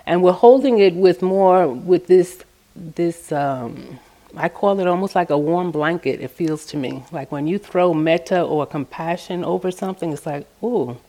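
A middle-aged woman giving a meditation talk, telling stories from her work in a gentle, storytelling way. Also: on the low side, unhurried. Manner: gentle, storytelling, acts out quoted voices. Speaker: meditation teacher. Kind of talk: dharma talk with personal stories.

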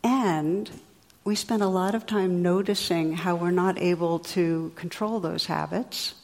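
Woman, meditation teacher, dharma talk, gentle, reflective, slightly low voice, reverberant hall. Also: measured pace.

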